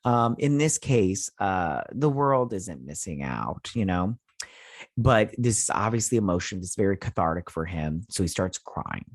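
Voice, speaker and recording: Low-voiced man rambling through a recap. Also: lively intonation, unhurried, no echo, clean studio sound. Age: 30s. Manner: rambling, loose storytelling with many restarts; amused, chatty. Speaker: show recap host. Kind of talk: casual episode recap.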